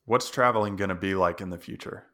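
A man's voice: deep voice, fast talker, fairly bright tone. A man hosting a podcast interview, curious and asking short follow-up questions. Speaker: podcast host.

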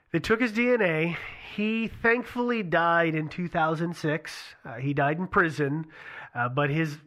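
A man's voice: on the high side, pushed and bright. A man co-hosting a casual talk show, leading the storytelling in a conversational way. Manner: conversational, leads the storytelling with frequent restarts. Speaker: podcast co-host. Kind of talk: casual true-crime chat.

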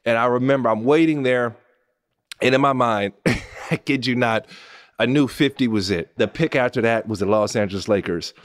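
A man in his thirties from Pasadena hosts and tells a personal story in a mid-pitched voice. He is an animated storyteller whose voice leaps up high when he gets excited. It sinks low and soft when he is moved. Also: normal speed. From Pasadena, California. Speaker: podcast host and former NBA player.

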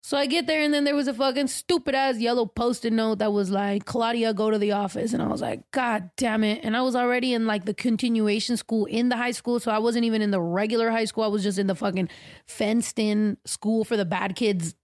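A woman podcast host telling a story in casual chat, blunt and profane, animated as she talks. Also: a little high, fairly quick, no echo, studio quality.

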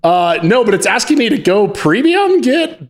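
A man with a somewhat high voice co-hosts a relaxed chat about a card game. He jokes a lot and laughs easily between remarks, reading card text aloud as he goes. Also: normal speed. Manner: jokey, laughs often, reads cards aloud. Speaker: podcast co-host.

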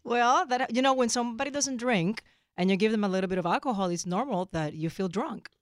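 A woman in her forties co-hosting a podcast with her husband, talking fast and animatedly and laughing often. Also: a little high, no room sound, clean studio sound. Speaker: podcast co-host. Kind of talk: casual chat.

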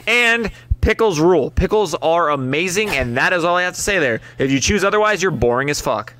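A man's voice: on the high side, lively intonation, fairly quick, bright, forceful tone, a little hiss or hum. A man co-hosting a casual podcast chat, joking and swearing as he eggs the others on. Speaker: podcast co-host.

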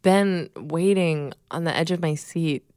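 Low-voiced wry podcast co-host woman. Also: measured pace, darkish tone, no echo, clean studio sound. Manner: wry, amused, laughs often. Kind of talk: casual chat.

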